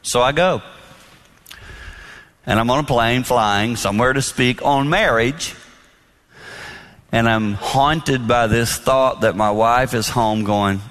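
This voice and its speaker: A man preaching a sermon on marriage, telling personal stories in a lively, confessional way. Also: medium pitch, takes it slowly, long pauses. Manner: animated storytelling, confessional. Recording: long reverb in a large hall.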